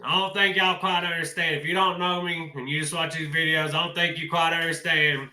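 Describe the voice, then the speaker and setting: A man's voice: a little high, level tone, brisk, pushed and bright, roomy sound. A man doing a casual sports vlog, talking emotionally and in a folksy way to his viewers. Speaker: college football commentator.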